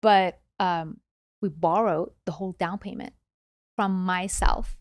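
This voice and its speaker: A woman guest with a non-native English accent, explaining investing in a casual interview with animated, quick asides. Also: on the low side, dry recording, clean studio sound.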